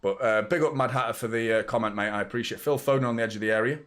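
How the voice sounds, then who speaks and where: English man, young, casual live football chat, rambling, talks to viewers, mid-pitched voice. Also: racing, fairly bright tone. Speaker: football watchalong host.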